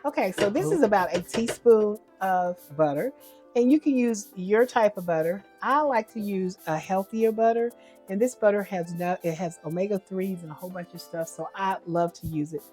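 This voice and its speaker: A woman's voice: mid-range voice, moderate pace, dark tone, soft background music. A woman giving a casual cooking demonstration at home, chatty and homey, often correcting herself as she goes. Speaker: home cook.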